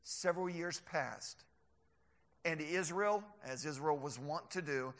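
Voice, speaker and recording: A man preaching a sermon, animated, sometimes mimicking mocking scoffers. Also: on the high side, unhurried. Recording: long hall reverb.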